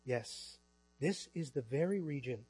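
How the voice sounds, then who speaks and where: A middle-aged man preaching a sermon in church, swinging between loud emphasis and quiet, drawn-out lines. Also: medium pitch, lively intonation, husky, dry recording. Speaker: pastor.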